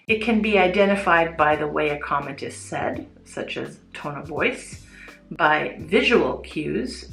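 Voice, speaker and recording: A woman teaching English in a clear, deliberate, scripted lesson style. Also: fairly low pitch, fairly bright tone. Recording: roomy echo, faint music behind.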